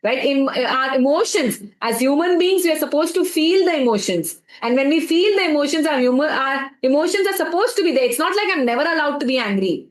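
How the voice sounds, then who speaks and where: A woman's voice: high-pitched, roomy sound, rough recording. A woman with an Indian English accent, coaching a live stream audience and often asking the chat to reply, slipping Hindi phrases into her English. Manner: asks the chat for replies over and over. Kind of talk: motivational live stream talk.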